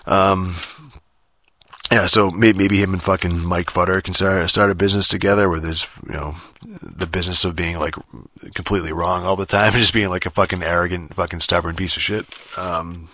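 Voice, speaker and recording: A man's voice: deep voice, fairly even intonation, brisk, sharp tone, dry recording, clean studio sound. A man hosting a solo podcast, rambling in a casual rant, swearing heavily and filling gaps with ums and restarts. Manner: rambling, heavy swearing, many fillers and restarts. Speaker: podcast host.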